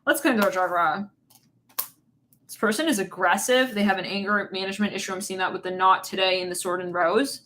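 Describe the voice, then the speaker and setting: A woman's voice: medium pitch, fairly even intonation, a little fast, fairly bright tone, slight background noise. A woman giving a casual tarot reading, rambling and giggly, swearing bluntly as she talks. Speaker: tarot reader.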